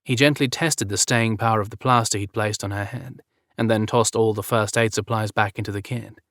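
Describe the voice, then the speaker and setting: A man reading a romance story aloud as narrator in an even, measured way. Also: lowish voice, no room sound, clean studio sound.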